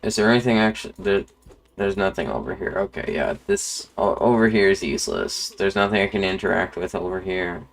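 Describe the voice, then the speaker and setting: A male game streamer talks to himself while playing, in offhand, half-mumbled remarks. His voice sits on the low side. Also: fairly quick, vocal fry, faint music behind. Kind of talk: live gameplay commentary.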